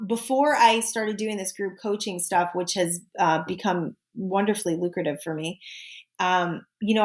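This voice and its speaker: Woman in her forties, solo podcast host and coach, casual and chatty, jumps up high for emphasis. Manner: animated, with sudden high exclamations and asides.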